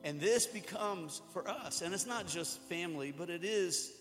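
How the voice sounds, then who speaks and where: A man's voice: high voice, animated, moderate pace, a bit bright. A man preaching a sermon to a room, talking casually, joking and acting out little quotes. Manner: conversational, joking, with acted-out quotes. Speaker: pastor. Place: church hall before an audience. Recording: hall reverb with music behind.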